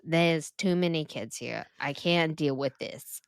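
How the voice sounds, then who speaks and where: A woman's voice: low voice, unhurried, clean tone, dry recording, studio quality. A woman voicing an exasperated colonial mother of twelve, complaining in a put-on New Jersey accent. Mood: fed up.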